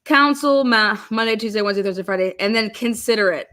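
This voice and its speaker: Giggly woman on a livestream, excitable, cusses casually, mid-pitched voice. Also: fast. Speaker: livestream host. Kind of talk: casual live-stream chat.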